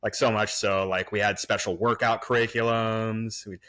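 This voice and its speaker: A man's voice: on the low side, flat delivery, moderate pace, sharp tone, clear, resonant tone. A man in his forties, a podcast guest recorded remotely, reminiscing casually with lots of fillers and restarts. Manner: rambling, many restarts and fillers.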